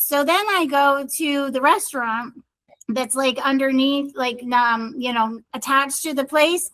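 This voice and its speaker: Her voice sits high with a sharp tone, and the recording is low quality. She's a middle-aged woman co-hosting a podcast, a cheerful, rambling storyteller sharing something personal in casual chat and often addressing her brother.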